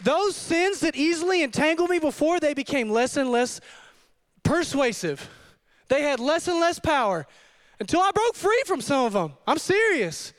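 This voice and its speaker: A man in his thirties preaching a fervent sermon as pastor, swinging from hushed to shouting. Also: extremely high pitch, very animated, moderate pace.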